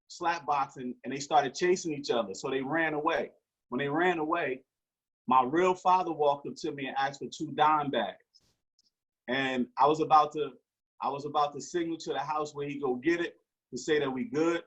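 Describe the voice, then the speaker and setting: Man, forties, interview guest, husky and fairly high, animated storyteller. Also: normal speed, rough recording. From Newark, New Jersey. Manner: animated storyteller acting out quoted dialogue.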